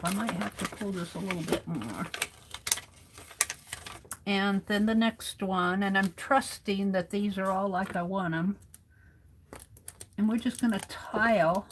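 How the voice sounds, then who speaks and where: A woman's voice: medium pitch, a little hiss or hum. An American woman hosting a craft livestream, chatting to herself and viewers as she works with her hands, now and then moving away from the mic. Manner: chatty, talks to herself while working.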